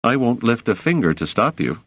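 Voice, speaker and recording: A man's voice: mid-range voice, very animated, brisk, no echo, voice pushed up. Man doing a blunt dry mathematician dude, kinda impatient, dull audio. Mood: brusque. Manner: brusque, dry.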